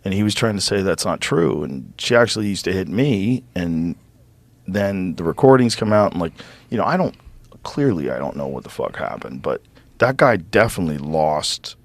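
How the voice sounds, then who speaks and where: A man hosting a podcast in casual chat, animated and swearing, with excited bursts. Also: deep voice, normal speed, no echo. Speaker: podcast host.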